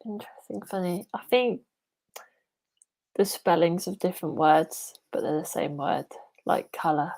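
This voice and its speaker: A woman's voice: fairly low pitch, a little slow, gravelly, a little mellow. An English woman from England, a podcast guest, chatting casually with lots of "yeah" and "like". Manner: chatty, many fillers like "yeah" and "like". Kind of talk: casual interview chat.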